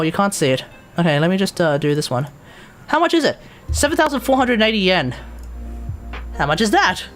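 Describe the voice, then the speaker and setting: An Australian live streamer in casual chat, rambling and exasperated, with mild swearing. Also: medium pitch.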